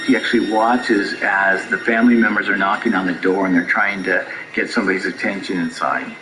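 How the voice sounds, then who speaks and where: A police detective recalls a case in a measured, deliberate documentary interview. His voice sits fairly low. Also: fairly even intonation, over music, low-quality recording.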